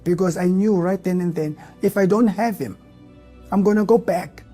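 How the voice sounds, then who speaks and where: A man's voice: sits high, moderate pace, dark tone, faint music behind. A man giving a personal church testimony, speaking earnestly and with a heavy stutter that repeats the first syllables of words. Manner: earnest, emotional, rising to fervent outbursts.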